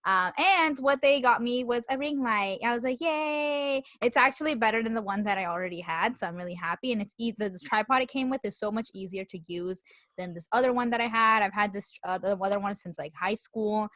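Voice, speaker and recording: A woman's voice: medium pitch, a little fast, fairly bright tone, no room sound, studio quality. A young woman co-hosting a podcast, chatting casually and telling stories animatedly with lots of likes and laughter. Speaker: podcast co-host. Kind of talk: casual chat.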